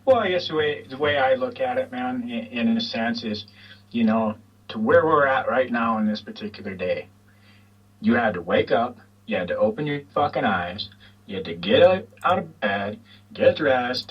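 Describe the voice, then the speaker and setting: Husky low man on a muffled line. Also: lively intonation, moderate pace, recorded from a distance. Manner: rambling, laid-back, sweary. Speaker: guest, YouTube channel host. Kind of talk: casual chat.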